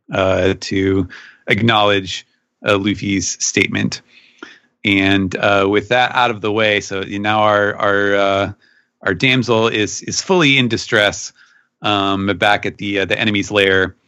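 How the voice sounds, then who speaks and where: A man on a podcast panel, recapping a comic chapter in casual chat and jumping up in pitch to act out quoted lines. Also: bright, forceful tone, no room sound.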